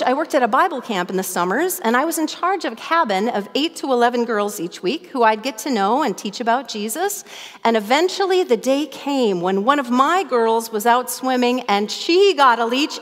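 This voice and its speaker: A middle-aged woman from northern Minnesota preaching a sermon as pastor, telling stories in an earnest, animated way. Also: fairly high pitch, normal speed, long reverb tail. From northern Minnesota, USA.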